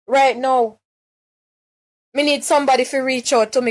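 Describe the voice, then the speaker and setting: A woman's voice: high voice, steady tone, moderate pace. A young Jamaican woman on a live stream, distraught and close to tears, pleading for help, questioning her listeners and often repeating and restarting her words. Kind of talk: emotional live-stream plea.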